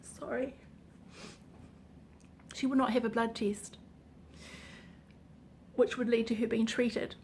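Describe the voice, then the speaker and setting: A woman's voice: on the high side, flat delivery, slow pace, pauses often, a little mellow, a little hiss or hum. Earnest, emotional woman vlogger. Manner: earnest and emotional, voice drops to near-whisper at times. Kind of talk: casual personal vlog talk.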